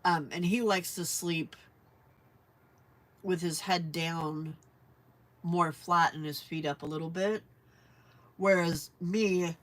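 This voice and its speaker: A chatty woman hosting a relaxed crafting livestream. She rambles in a friendly, casual way, often laughs, and answers viewers as she works. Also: on the low side, slow, long pauses. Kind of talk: casual chat while crafting.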